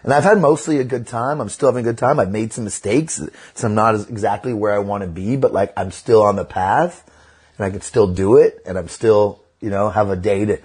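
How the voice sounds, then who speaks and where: A man's voice: lowish voice, brisk, a little mellow, husky. A middle-aged man, a comedian guest on a casual podcast interview, talking bluntly and with profanity, and telling stories animatedly.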